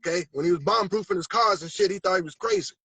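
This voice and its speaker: A man's voice: high voice, fast, vocal fry, bright, forceful tone, breathy edge, no echo, low-quality recording. A man from Massachusetts, a rapper guest, talking in a laid-back, slangy way in a casual interview. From Massachusetts, USA.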